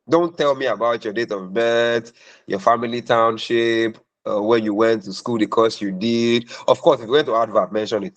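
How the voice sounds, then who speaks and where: A man's voice: mid-range voice, normal speed, low-quality recording. A man talking as a career mentor in a question-and-answer session, emphatic and preachy, repeating points for stress.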